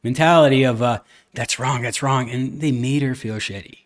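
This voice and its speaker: A man's voice: mid-range voice, moderate pace. A man hosting a casual podcast chat, earnest and rambling, with many restarts and fillers. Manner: earnest, occasionally cusses. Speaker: podcast host.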